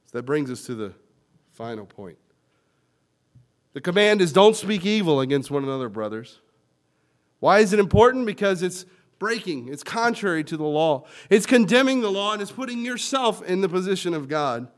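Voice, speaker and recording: A male pastor preaching a sermon, swinging from loud emphatic lines to quiet ones as he explains and quotes scripture. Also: sits high, sing-song, moderate pace. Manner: teaching word meanings and quoting scripture.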